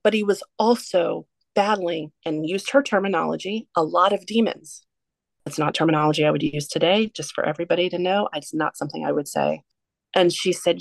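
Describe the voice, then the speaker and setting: A woman speaks as a podcast guest, telling a personal story in a candid, earnest way. Her voice sits low, with a gravelly fry on many words. The sound is dry and close. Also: brisk, dry recording. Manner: candid, earnest, steady through a heavy story.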